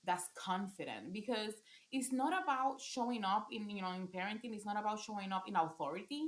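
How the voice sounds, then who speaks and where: A woman's voice: mid-range voice, lively intonation, brisk. Woman parent coach, casual podcast talk, earnest, restarts phrases often, roomy echoey recording. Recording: roomy echo.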